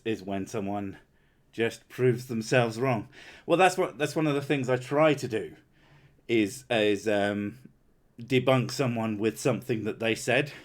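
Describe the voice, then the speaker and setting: A man chatting casually as a stream host, with a wry, sweary delivery. His voice sits at a middle pitch and he talks into a home desk mic. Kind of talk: casual livestream chat.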